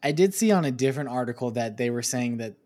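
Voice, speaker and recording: A man's voice: mid-range voice, expressive, fast talker, a little mellow. A man hosting a casual podcast, reading out news items and adding dry asides.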